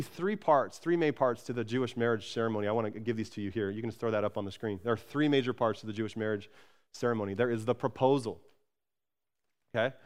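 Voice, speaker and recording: A male pastor with a medium-pitched voice gives a spirited, conversational sermon. Repetition runs through his delivery, which alternates between loud emphasis and quiet, tender passages.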